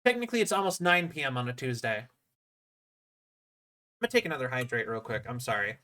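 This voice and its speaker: Bright-voiced rambling streamer. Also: medium pitch, very animated, quick pace. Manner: rambling, chatty, lots of fillers and restarts. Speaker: livestreamer. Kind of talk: casual live-stream chat.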